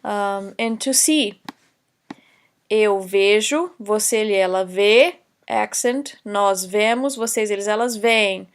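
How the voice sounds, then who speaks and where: A young adult woman teaching Portuguese in a recorded lesson, explaining examples slowly in English and Portuguese with many fillers. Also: fairly high pitch, fairly even intonation. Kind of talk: recorded online lesson lecture.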